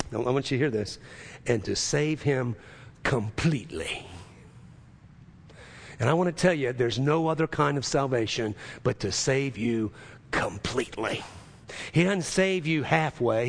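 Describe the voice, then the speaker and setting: A man preaching a sermon as pastor, emphatic and full of rhetorical questions to his congregation. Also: medium pitch.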